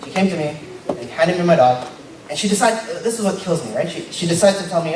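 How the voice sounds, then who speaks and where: A young man giving a casual, joking sermon as a lay preacher, tagging his points with quick asides. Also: on the high side, lively intonation. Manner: informal and joking, tags lines with "right?". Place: church hall. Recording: very echoey church hall, mic far off. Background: congregation noise.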